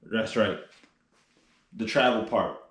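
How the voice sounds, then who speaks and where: A man's voice: lowish voice, slow pace, fairly bright tone, a little hiss or hum. A young man chatting casually to camera outdoors by his truck and garage, loose and rambling with fillers. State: out of breath. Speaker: car vlogger. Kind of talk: casual vlog talk to camera.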